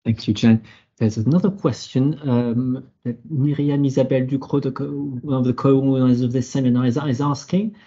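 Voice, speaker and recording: A man's voice: medium pitch, fairly even intonation, normal speed, mellow, breathy edge, dull audio. A man moderating questions at an online seminar, speaking tentatively.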